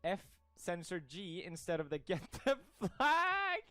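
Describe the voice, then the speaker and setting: A young man with a slightly high voice chats casually as a streamer. He jokes in a mock-outraged tone and laughs often. Faint music plays underneath. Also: wildly swooping pitch, slow pace, bright, forceful tone. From Sweden. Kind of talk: casual reaction commentary.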